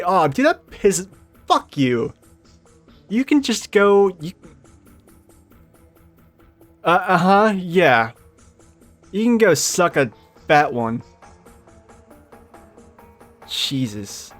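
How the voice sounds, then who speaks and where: A man giving casual let's-play commentary, swearing freely and quick to rant at game characters. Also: high voice, big pitch swings, a bit bright, no room sound, faint music behind. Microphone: desk microphone.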